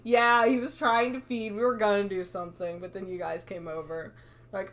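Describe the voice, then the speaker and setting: A woman co-hosting a podcast, casually retelling a story with quick asides, swearing and frequent laughter. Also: mid-range voice, steady tone. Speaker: podcast co-host. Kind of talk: casual chat, retelling a fanfic with quoted voices.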